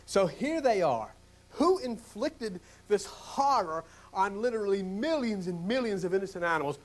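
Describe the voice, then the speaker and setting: An older male pastor from New Jersey preaches a sermon in a high-pitched voice, swinging from loud, emphatic questions down to hushed whispers.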